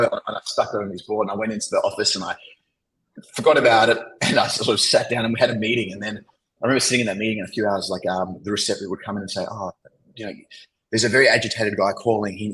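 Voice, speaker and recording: A man's voice: on the low side, fairly bright tone, slight background noise, poor audio. An Australian man telling business anecdotes as a podcast guest, rambling along with lots of "you know" and "like". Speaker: podcast guest, agency founder. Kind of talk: casual interview storytelling.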